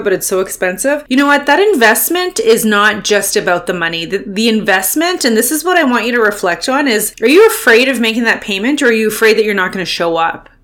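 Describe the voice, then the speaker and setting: A woman's voice: on the high side, fairly bright tone. A woman hosting her own podcast, giving a fired-up, profane motivational pep talk as a speaking coach.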